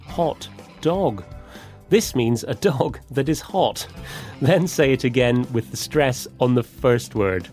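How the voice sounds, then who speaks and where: A man co-hosting a radio lesson, explaining vocabulary slowly and clearly. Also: medium pitch, a little mellow, faint music behind. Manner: slow, clear, deliberate explanations. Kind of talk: scripted teaching presentation.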